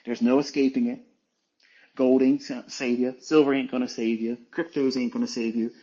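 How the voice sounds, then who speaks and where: A man's voice: medium pitch, flat delivery, moderate pace, warm tone. Male trading mentor, mid-range voice, profane and emphatic, dull lo-fi recording. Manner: blunt, profane, emphatic, repetitive. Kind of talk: profane motivational monologue.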